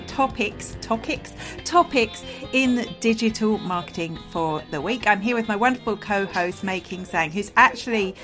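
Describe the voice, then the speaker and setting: A woman hosting a weekly podcast from her office, talking in a cheerful, laughing way while she has a cold. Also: fairly high pitch. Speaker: podcast host. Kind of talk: casual chat.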